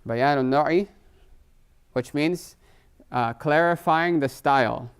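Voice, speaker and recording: A man's voice: on the high side, takes it slowly, smooth. A middle-aged man teaching Arabic grammar in a live class. He explains patiently, moves between English and Arabic terms, and keeps checking in with "right?".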